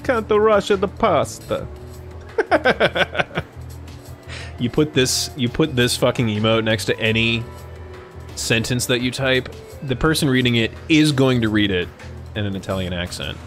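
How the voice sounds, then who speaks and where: Young guy, mid-pitched, swears a lot, riffs loosely with chat over faint music. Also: normal speed, a bit bright. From United States. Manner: profane, rambling, jokey. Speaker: streamer. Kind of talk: casual live-stream chat.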